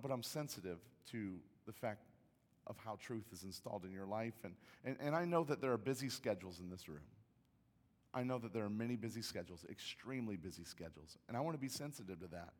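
A male pastor preaching a sermon in a church auditorium, chatty and repetitive, getting loud and excited as he tells a story. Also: medium pitch. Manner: conversational, repeats words, grows loud and excited in the story. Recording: long reverb of a large hall.

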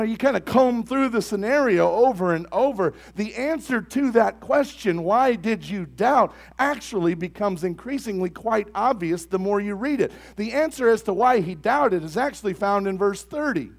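Young male pastor, high animated voice, conversational sermon that swells into forceful emphasis. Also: vocal fry. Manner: builds to loud emphatic bursts; conversational, asks the congregation questions.

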